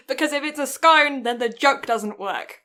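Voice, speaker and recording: A woman's voice: high-pitched, measured pace, bright, forceful tone. A British woman co-hosting an anime podcast, chatting casually, giggly, sweary and rambling. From Britain. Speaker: podcast co-host. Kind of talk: casual chat.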